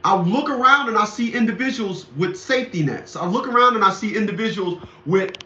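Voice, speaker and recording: A man's voice: high voice, a little fast, bright, forceful tone. A middle-aged man hosting a commentary show, lecturing emphatically and repeating himself in a casual monologue. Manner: emphatic, repetitive, preachy. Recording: echoey lo-fi room recording.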